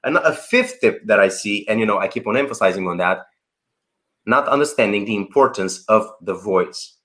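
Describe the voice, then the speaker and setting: A man being interviewed over a video call, talking about presenting online in an animated, emphatic way. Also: fairly low pitch, normal speed. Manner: animated, emphatic, acts out anecdotes. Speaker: guest, presentation coach.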